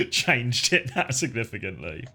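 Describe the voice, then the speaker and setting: A man's voice: mid-range voice, big pitch swings, measured pace, pushed and bright, husky, faint music behind. A man co-casting an esports match in casual chat, laughing often and swearing casually. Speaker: esports co-caster.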